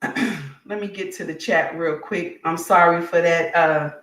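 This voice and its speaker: A woman's voice: fairly low pitch, steady tone, measured pace, recorded from a distance. Woman, livestream host; blunt and preachy, set off from the mic. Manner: preachy, blunt, scolding, raises voice to shouting. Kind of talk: impassioned livestream rant, then reading chat. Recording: roomy sound, voice away from the mic.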